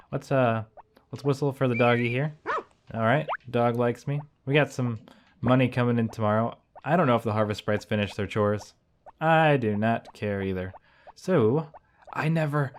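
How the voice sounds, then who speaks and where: A man talking casually over his gameplay as a YouTuber, thinking out loud with rambling asides. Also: medium pitch. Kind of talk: casual let's-play commentary.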